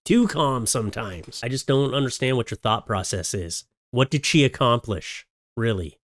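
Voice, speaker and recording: A man talking through online clips in a sarcastic, chatty way, scolding the people on screen with mock disbelief. His voice sits in an ordinary middle pitch. The sound is dry and close, with no room around it. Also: lively intonation, normal speed, no room sound. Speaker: YouTube reaction commentator. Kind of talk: casual reaction commentary.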